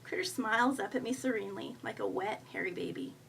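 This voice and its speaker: A woman's voice: medium pitch, quick pace, creaky, fairly bright tone. A woman in her thirties reading her own humorous first-person story aloud at a live event, with a wry, self-mocking delivery. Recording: faint noise, voice a bit far from the mic.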